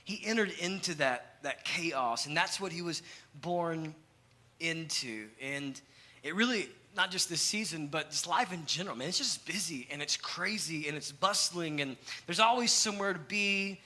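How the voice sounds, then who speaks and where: A young adult male pastor, preaching a sermon with animated storytelling and acted-out quotes. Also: on the high side, moderate pace.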